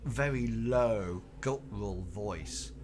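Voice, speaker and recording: A man narrates a tabletop adventure for his players, speaking slowly and stumbling through frequent ums and false starts. A constant hum of background noise sits clearly under his voice on the stream. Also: fairly low pitch. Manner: hesitant, full of ums and restarts. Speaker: game master.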